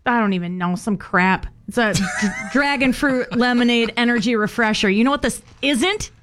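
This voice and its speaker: A woman's voice: fairly high pitch, moderate pace, fairly bright tone, a little hiss or hum. A woman co-hosting a radio show, chatting casually and playing up her sorrow with dramatic exaggeration.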